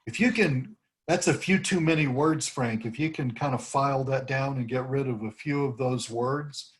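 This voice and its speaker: Man, team leader on a video call, loose rambling delivery, mid-pitched voice. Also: moderate pace. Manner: rambling, demonstrates phrases with rising intonation. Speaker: team leader coaching cold calls. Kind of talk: informal team meeting talk.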